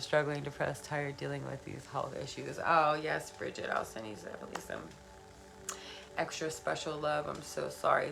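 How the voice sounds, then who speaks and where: A spiritual self-help live streamer with a rumbling low, creaky voice chats casually and answers viewer comments. She's earnest and encouraging, laughs often, and repeats phrases for emphasis; the recording quality is low.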